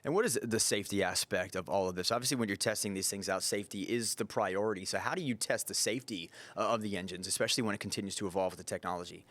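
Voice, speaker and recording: A man's voice: on the low side, rapid-fire, hardly any pauses, fairly bright tone. A man hosting a behind-the-scenes show, enthusiastic and talkative, often repeating words as he goes. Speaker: show host. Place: engine shop, then studio.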